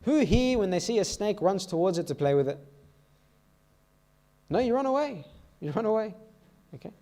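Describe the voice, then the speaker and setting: Youth speaker, male, slightly raised pitch; church sermon told through stories, keeps asking "all right?". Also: expressive, moderate pace, warm tone.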